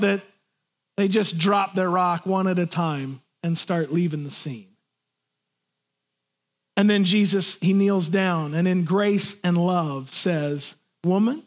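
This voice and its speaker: High-voiced man preaching earnestly. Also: a bit bright. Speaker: pastor. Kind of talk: sermon.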